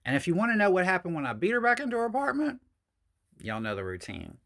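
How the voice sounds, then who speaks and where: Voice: mid-range voice, wildly swooping pitch, quick pace, gravelly, a bit bright. A host telling a personal story in a casual vlog, chatty and addressing viewers as "y'all.".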